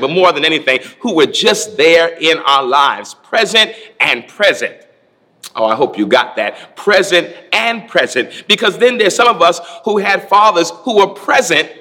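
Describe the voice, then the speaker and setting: Bright-voiced male preacher in a reverberant hall. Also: mid-range voice. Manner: rhythmic preaching with repeated phrases. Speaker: pastor. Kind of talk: sermon.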